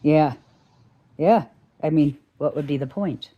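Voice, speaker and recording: A woman's voice: low-pitched, measured pace, phone-quality sound. A woman hosting a casual livestream who laughs easily and reads out viewer chat. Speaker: livestream host.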